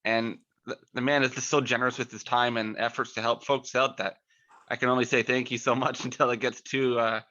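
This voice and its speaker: Bright-voiced man on muffled call audio. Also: medium pitch, flat delivery, fairly quick. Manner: eager, grateful, a bit nervous. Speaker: caller on a video call. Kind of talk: grateful testimony on a call. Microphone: video call.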